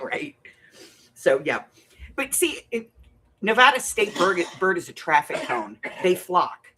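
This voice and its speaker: A woman's voice: medium pitch, husky. A middle-aged woman hosting a crafting livestream, chatting to viewers and telling stories, laughing often. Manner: chatty, animated storyteller, laughs often, greets viewers by name. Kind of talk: casual chat to live viewers.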